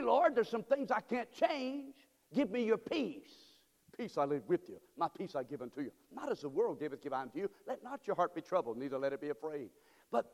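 A male pastor preaching a sermon, calling out to the congregation and swinging from hushed tones to shouts. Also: high-pitched, vocal fry. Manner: call-and-response preaching, swings from quiet to shouting. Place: church sanctuary. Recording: long reverb from a church hall.

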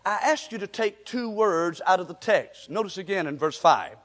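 A pastor delivering a fervent sermon, often breaking into shouts. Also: male voice, sits high, animated, normal speed. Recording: long reverb of a large hall.

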